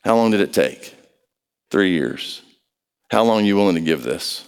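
A male pastor with a smooth, resonant voice preaching a relaxed, story-driven sermon. He keeps turning to the congregation with questions, and his words ring out with the long reverb of a large hall. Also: sits low, normal speed. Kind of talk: conversational sermon.

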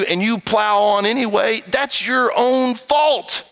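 A man preaching an animated sermon, reading scripture and raising his voice to exhort the congregation. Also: moderate pace, creaky, few pauses, smooth. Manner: animated, shifts between low quotes and raised exhortation.

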